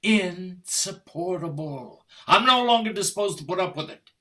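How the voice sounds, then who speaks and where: A man's voice: high-pitched, lively intonation, unhurried, pushed and bright, exaggerated voice. An older man playing a cold, formal husband, on a video call, speaking with precise diction and sarcastic menace. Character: stiff, icy English husband Richard, middle-aged. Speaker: stage actor. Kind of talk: stage play reading over video call.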